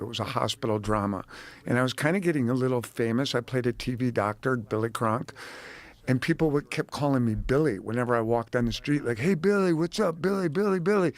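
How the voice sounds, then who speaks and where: A man, a former actor turned director, telling a lively anecdote in casual podcast chat, swearing freely. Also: medium pitch, fairly quick. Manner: animated, profane, acts out quoted voices.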